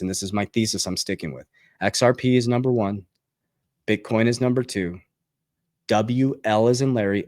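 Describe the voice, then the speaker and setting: A man's voice: lowish voice, no room sound, studio quality. A man talking as a finance coach in an emphatic motivational monologue, repeating his key phrases and getting fired up.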